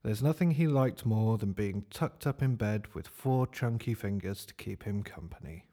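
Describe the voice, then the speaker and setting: Mellow, deadpan male narrator. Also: lowish voice, normal speed. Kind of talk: comic story narration.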